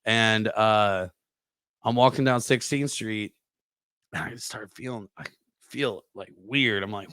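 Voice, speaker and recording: A young adult man telling a profane, animated story on a podcast, acting out sound effects as he goes. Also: on the low side, a little slow, no room sound, clean studio sound. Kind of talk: casual storytelling.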